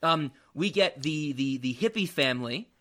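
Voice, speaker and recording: A man hosting a casual movie podcast, animated, laughing and swearing freely. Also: on the high side, moderate pace. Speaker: podcast host. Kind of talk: casual movie review chat.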